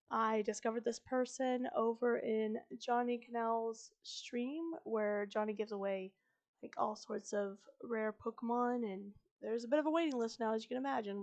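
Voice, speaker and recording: Croaky-voiced woman chatting on stream. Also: fairly high pitch, darkish tone. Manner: chatty, rambling, upbeat. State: slightly croaky voice. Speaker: streamer reading a book aloud. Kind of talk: casual stream chat. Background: fantasy music playing faintly.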